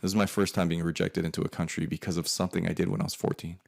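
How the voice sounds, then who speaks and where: A man with a very low voice and a heavy gravelly rasp tells a personal story. He is emphatic and swears freely, and sometimes drops his voice to mutter curses under his breath. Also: flat delivery, rapid-fire. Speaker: guest speaker.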